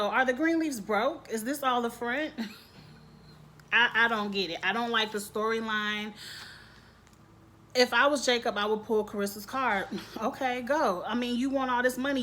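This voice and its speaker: A woman giving a casual, opinionated vlog review of a TV episode, with animated asides. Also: on the high side, slight background noise. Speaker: TV show reviewer. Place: home, grass being mowed outside.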